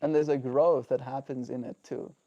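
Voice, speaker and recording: Chill guy on his daily stream thinking out loud, soft mellow tone, keeps saying right?. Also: medium pitch, fairly even intonation, moderate pace, highs cut off. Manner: earnest, reflective, often asks "right?". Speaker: daily livestreamer. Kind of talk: reflective livestream talk. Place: home.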